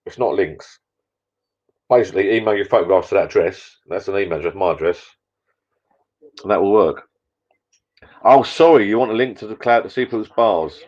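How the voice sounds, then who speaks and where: A man's voice: lowish voice, normal speed, long pauses, darkish tone, muffled recording. A man hosting a casual live stream, rambling chattily and reading out viewer comments.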